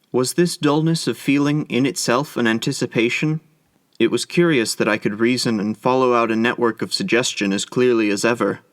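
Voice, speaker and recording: A man narrating a classic story as an audiobook in a measured, reflective way. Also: medium pitch, dry recording, clean studio sound.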